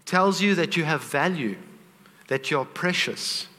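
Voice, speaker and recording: A man's voice: a little high, animated, measured pace, bright, forceful tone, big-room sound. A middle-aged man teaching on faith, earnest and heartfelt, openly emotional as he tells a family story. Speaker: Christian teacher.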